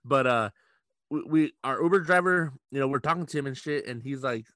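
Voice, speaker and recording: A man's voice: medium pitch, brisk, pushed and bright, no room sound. A young man hosts a casual podcast, loose and laughing, with plenty of swearing. His voice sits in a middle range. It is recorded close and dry, with no room sound. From Los Angeles, USA. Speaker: podcast host. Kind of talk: casual chat.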